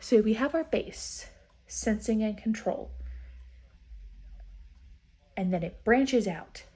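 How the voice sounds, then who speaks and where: A woman chatting casually in a reading vlog, full of fillers, swearing and sudden excited outbursts. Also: mid-range voice, slow pace, breathy edge. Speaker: book vlogger.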